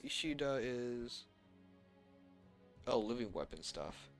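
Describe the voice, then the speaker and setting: A man's voice: mid-range voice, animated, takes it slowly, soft background music. Rambling man narrating a game stream. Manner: rambling, self-correcting, chuckles to himself. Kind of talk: casual gameplay commentary.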